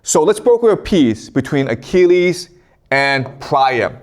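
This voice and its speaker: A man's voice: on the high side, big pitch swings, measured pace. A man lecturing in a casual storytelling style, often checking in with "okay?". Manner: conversational, tags lines with "okay?".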